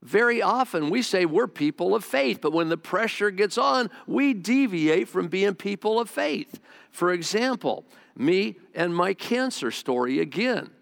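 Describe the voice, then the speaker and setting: This pastor has a high, creaky voice with lively intonation and an unhurried pace, preaching conversationally to a congregation with stammered restarts and asides. He speaks into a close microphone in a large hall that rings with long church reverb.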